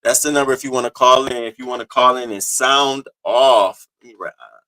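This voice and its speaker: Bright-voiced man hosting a live chat. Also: medium pitch, a little fast. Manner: animated, greets viewers by name, swears freely. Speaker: live stream host. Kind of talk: casual live-stream commentary, reading chat.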